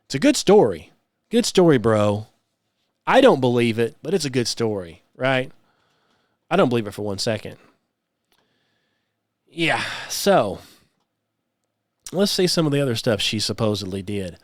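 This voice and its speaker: A man's voice: mid-range voice, very animated, moderate pace, pauses often, no echo, clean studio sound. A man hosting a solo podcast, speaking, mocking and sarcastic, full of rhetorical questions. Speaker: podcast host.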